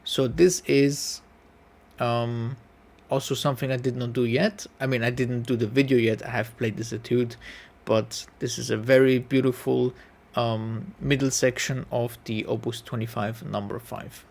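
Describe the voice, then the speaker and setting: Guy with a gravelly voice talking through a piano quiz, musing and second-guessing himself. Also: medium pitch, steady tone, a little slow, a little mellow. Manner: musing, self-correcting, hums melodies. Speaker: piano YouTuber taking a quiz. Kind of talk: casual thinking aloud.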